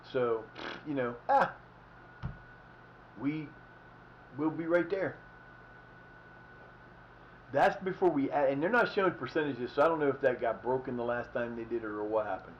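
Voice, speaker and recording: A man talks through his football management game on a live stream, rambling from one thought to the next and swearing casually. His voice sits at an ordinary middle pitch, and the mic sounds a little dull and lo-fi with a faint hiss behind it. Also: normal speed, long pauses.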